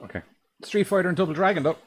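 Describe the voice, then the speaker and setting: A man's voice: high voice, very fast. A man co-hosting a horror podcast in casual chat, rambling with restarts and swearing. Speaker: podcast co-host.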